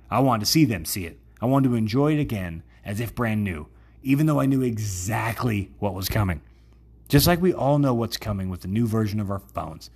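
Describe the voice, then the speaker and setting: Husky-voiced man musing wryly. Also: on the low side. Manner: rambling, wry, self-deprecating. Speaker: podcast host. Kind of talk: casual monologue.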